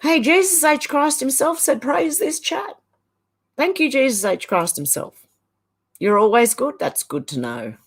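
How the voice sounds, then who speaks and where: A woman's voice: high-pitched, expressive, measured pace, breathy edge. A middle-aged woman hosting a casual livestream, chatting and laughing as she reads viewer comments aloud. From Ireland. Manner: chatty, laughs often, sing-song reading of chat comments. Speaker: livestream host.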